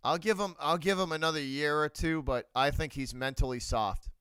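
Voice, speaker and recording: A man's voice: a little high, moderate pace, clean tone, no echo. A man with a Boston accent hosting a live sports reaction stream, talking bluntly and repeating his points. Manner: blunt, repeats himself, shouts out viewers. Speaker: livestream host.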